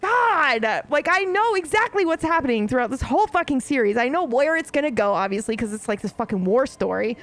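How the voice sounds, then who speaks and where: Excitable, foul-mouthed woman chatting to viewers. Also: sits high, fast, few pauses, no room sound. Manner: profane, excitable storytelling with frequent laughs. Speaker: let's play streamer. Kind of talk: casual chat to viewers.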